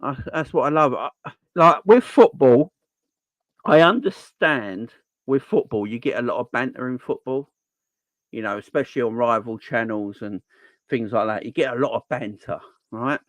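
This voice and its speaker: A man's voice: mid-range voice, normal speed, no echo. A man hosting a football channel's live stream Q&A, chatting casually and earnestly, repeating phrases for emphasis as he makes his points.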